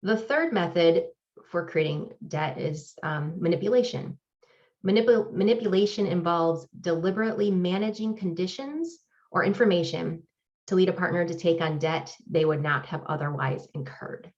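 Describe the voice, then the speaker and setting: A woman professor giving an academic lecture with slides, explaining in a measured, deliberate way. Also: on the low side, a little mellow, lo-fi sound. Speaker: professor presenting research.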